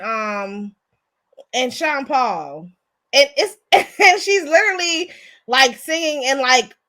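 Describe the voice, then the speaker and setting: A woman's voice: high-pitched, pushed and bright. A woman of Jamaican background hosting a casual show, ranting bluntly with profanity and many restarts. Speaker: podcast host. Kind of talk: casual opinion rant.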